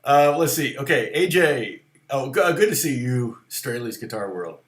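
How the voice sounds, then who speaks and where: A man's voice: mid-range voice, expressive, moderate pace, reverberant. A middle-aged man giving a casual livestream guitar lesson, chatty and rambling, with many fillers and restarts. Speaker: guitar teacher.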